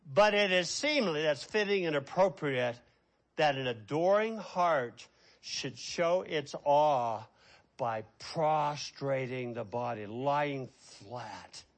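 A man preaching a sermon as pastor, stretching key words out slowly, then dropping to quiet, quick asides. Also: on the high side, lively intonation. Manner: preaching with slow drawn-out emphasis and sudden quiet asides.

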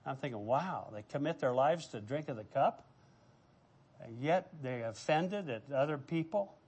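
A man's voice: mid-range voice, lively intonation, a little slow, a little mellow, breathy edge. A middle-aged man preaching a sermon as pastor, telling stories and acting out the voices of people he quotes.

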